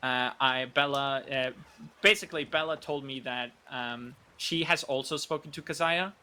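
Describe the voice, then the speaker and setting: Man, bright forceful voice, halting in-character role-play talk. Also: mid-range voice, steady tone, clean tone. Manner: hesitant, many fillers and restarts.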